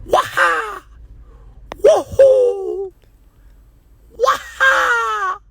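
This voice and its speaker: A gleeful cartoon plumber hero whoops and hollers. His voice sits extremely high, sharp and gravelly, and he draws out each exclamation very slowly. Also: full character voice.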